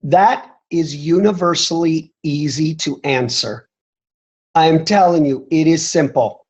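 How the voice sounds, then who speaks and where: Emphatic executive on a muffled call. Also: male voice, fairly high pitch, unhurried, a little mellow, slightly rough. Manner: emphatic, repeats "I'm telling you". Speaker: company executive answering questions. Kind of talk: motivational talk on a training call.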